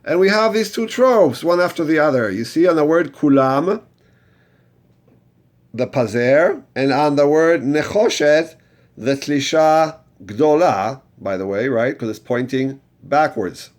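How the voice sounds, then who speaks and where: This Torah reading teacher has a voice on the high side and sounds animated, talking at a normal speed with hardly any pauses. He leads learners patiently through a chanting lesson one step at a time, getting them to repeat each part back.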